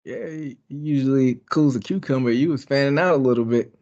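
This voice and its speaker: A man's voice: mid-range voice, brisk, darkish tone, muffled recording. A man, co-host of a podcast, chiming in casually with chuckles and short reactions. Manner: laid-back, chuckling listener. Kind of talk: casual chat.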